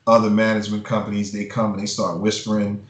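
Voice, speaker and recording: A man's voice: fairly low pitch, flat delivery, quick pace. A man who works as a music publisher, giving blunt, profane advice in a casual interview and ranting with heat. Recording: roomy echo.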